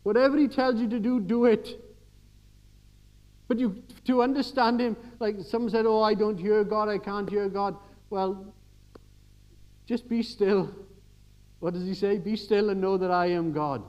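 An older man giving a church sermon, telling everyday stories and swinging from quiet asides to emphatic exhortation. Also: sits high, fairly even intonation, a little slow, muffled recording. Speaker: preacher.

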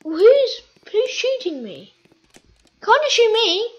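A very high, slow-talking woman chatting excitably as she plays, looping the same lines again and again. Her voice comes through a dull, lo-fi mic. It sounds like a casual gameplay video. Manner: excitable, chatty, repeats phrases. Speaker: gaming video host.

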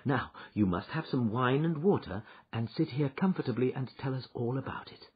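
A woman's voice: rumbling low, expressive, normal speed, husky, exaggerated voice. A man voicing a kindly, motherly doctor's wife who speaks in a soothing, coaxing way, in a dull lo-fi recording. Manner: warm and coaxing.

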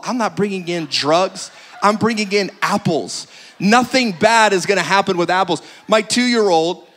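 A man pastor with a high-pitched voice, giving practical announcements to his congregation. He talks in a playful, joking way and stretches things for laughs. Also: fairly bright tone.

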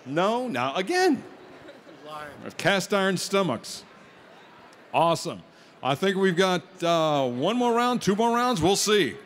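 Over a PA at a live food-eating contest, a male emcee jokes with contestants and hypes the crowd. His voice is high, a bit bright, and very animated, yet slow with long pauses, with a little hiss or hum on the line.

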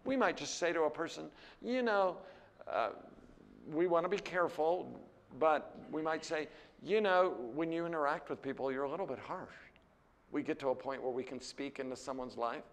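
An older American man gives a Bible class lecture in a plain, conversational way, and his voice sits a little high for a man. He talks candidly and keeps checking in with his listeners, and his pitch jumps up sharply when he gets animated. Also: normal speed, in a large hall. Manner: candid, conversational, with frequent "right?" and "you know". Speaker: seminary teacher.

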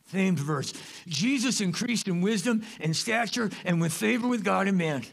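A pastor with a high, gravelly voice preaches at a moderate pace in a church sanctuary, apparently during a service. His delivery is animated and joking, punctuated by loud, emphatic bursts.

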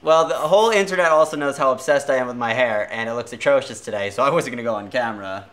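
A man's voice: mid-range voice, fast talker, a bit bright. A man in a comedy group telling self-mocking little stories in casual banter. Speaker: comedy show cast member.

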